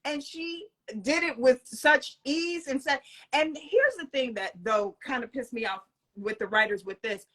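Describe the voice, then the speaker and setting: Bright, emphatic middle-aged woman co-host. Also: sits high, unhurried. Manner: chatty, emphatic. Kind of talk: casual chat.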